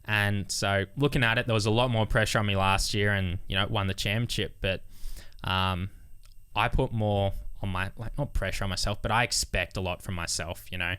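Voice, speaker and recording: A man's voice: on the low side, moderate pace, smooth, no echo. A young Australian man, a racing driver, telling stories in casual chat and acting out the quotes. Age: young adult. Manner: animated storyteller, acts out quotes with swearing.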